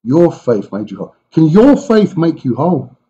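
A pastor gives a conversational sermon to his congregation, his voice warm and mellow. He speaks with animated asides to the people in front of him. The church recording sounds muffled and lo-fi. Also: a little high, moderate pace.

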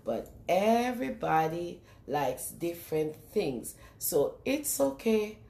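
Brief: female children's storyteller, slow and very expressive, sing-song, room echo. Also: lowish voice, vocal fry, slight background noise. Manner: animated, sing-song, asks the children questions. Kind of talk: reading a picture book aloud to young children.

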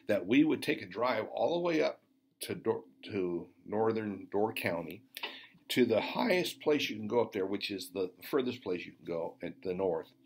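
A male preacher recounts a vision in an emphatic, fervent sermon. His voice sits low and has a husky edge. He drives his points home with insistent exhortation. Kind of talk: sermon testimony.

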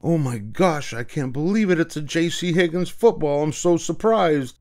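A man's voice: a little high, sing-song, normal speed, voice pushed up. An older man voicing an eager, breathless young boy with a big plan. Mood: fake surprise. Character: excitable scheming young boy.

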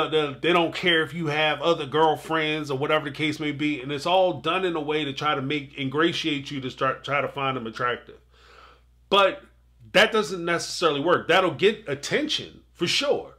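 A man's voice: fairly high pitch, pushed and bright. A man hosting a live stream, chatting casually and animatedly about a reality show, talking straight to his audience and laughing often.

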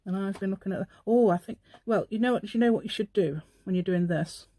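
In a mellow, mid-range voice at a slightly fast pace, a middle-aged crafting host demonstrates a project. She rambles and talks to herself while working, using a playful, put-on posh telephone voice.

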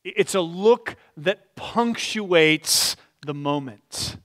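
Male pastor with a high voice, preaching in a storytelling way and sinking quiet and slow at solemn beats. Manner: expressive storytelling, drops to quiet slow tones at solemn moments. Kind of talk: sermon. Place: church.

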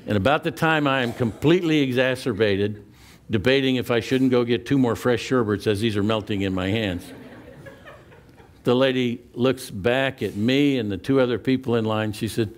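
A man preaching a sermon as pastor, telling personal stories with many restarts and repeated words, and slowing down for emphasis. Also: medium pitch.

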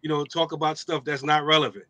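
A man on an imams' panel, talking in an animated, joking way with lots of rhetorical asides. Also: on the high side, quick pace, no room sound. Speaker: imam on a roundtable. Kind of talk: casual panel discussion.

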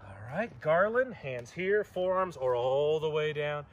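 A man's voice: a little high, animated, a little slow, muffled recording. A man from Southern California leading a guided yoga class outdoors, cueing poses and breaths with joking asides. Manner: joking asides between pose cues. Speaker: yoga instructor.

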